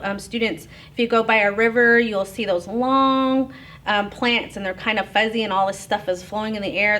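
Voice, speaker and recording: A middle-aged woman from Oklahoma giving an informal lecture on tribal culture, relaxed and chatty, with frequent ums and light laughter. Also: on the high side. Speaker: educator presenting on tribal culture.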